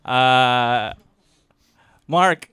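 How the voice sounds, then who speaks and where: A man's voice: mid-range voice, very slow, pushed and bright, clean tone, no echo. A man telling roast jokes in a comedy club, brash and laughing at his own flubs.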